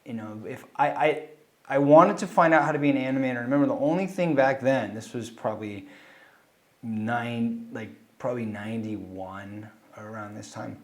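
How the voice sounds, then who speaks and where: A man's voice: medium pitch, normal speed. A middle-aged man from California, an animator telling stories of his start in a casual interview, acting out the quoted voices as he goes. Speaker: animator and film director interviewee.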